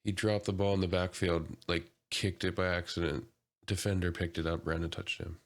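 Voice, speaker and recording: A deep-voiced male podcast co-host chatting casually. He keeps things laid-back and answers with short, blunt quips. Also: little pitch movement, fairly quick. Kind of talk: casual chat.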